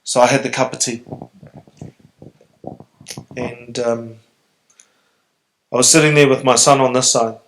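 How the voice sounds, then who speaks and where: Middle-aged man, New Zealand accent, earnest, reflective, open-hearted storytelling on stage, mid-pitched voice. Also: fairly even intonation, unhurried, gravelly, long pauses, slight background noise, low-quality recording. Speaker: guest speaker. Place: on stage before an audience.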